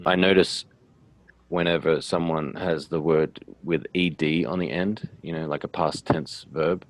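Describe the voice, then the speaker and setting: An Australian man hosting a relaxed English-learning chat, laughing easily and filling pauses with ums. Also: rumbling low, no room sound. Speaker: English teacher and channel host. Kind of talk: casual conversational interview.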